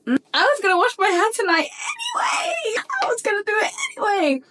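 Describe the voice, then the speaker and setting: A young woman chatting to camera as a beauty vlogger, gushing and excitable as she unboxes products in fast bursts. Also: very high-pitched, shouting, background noise. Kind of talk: casual unboxing chat to camera.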